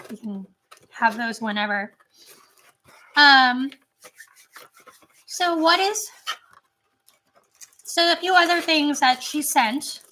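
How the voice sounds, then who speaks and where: A chatty woman with a high, bright voice rambles through a casual tasting chat at home. She leans on fillers as she talks. Her voice sounds strained and not at its best. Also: slight background noise. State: voice strained, not great right now. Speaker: channel host.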